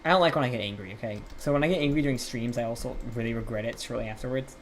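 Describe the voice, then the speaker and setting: A man's voice: mid-range voice, racing, a little hiss or hum. A young man telling a rambling, profane story while streaming a game live.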